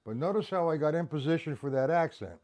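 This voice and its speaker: A man's voice: fairly high pitch, expressive, fast, very noisy. A man teaching a live-streamed drum lesson, counting beats aloud and checking in with viewers.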